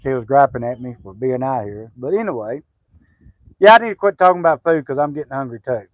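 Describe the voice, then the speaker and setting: A man's voice: mid-range voice, quick pace, no echo, rough recording. A middle-aged man, chatting casually on a homestead livestream, rambling with lots of fillers and restarts. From Southwest Arkansas.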